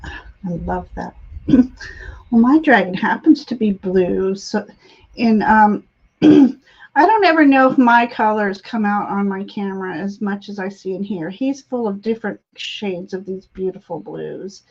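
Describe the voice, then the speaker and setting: A woman hosting a live tarot reading, speaking gently and affirmingly with frequent pauses and fillers. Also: medium pitch, lively intonation, husky, lo-fi sound. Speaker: tarot reader and live stream host. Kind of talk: intuitive card reading on a live stream.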